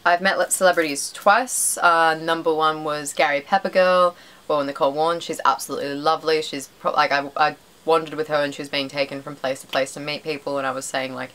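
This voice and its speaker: A woman's voice: sits low, steady tone, fairly quick, fairly bright tone, low-quality recording. A young Australian woman vlogging to camera in a rambling, self-deprecating way, full of fillers. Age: young adult. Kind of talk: casual chat to camera.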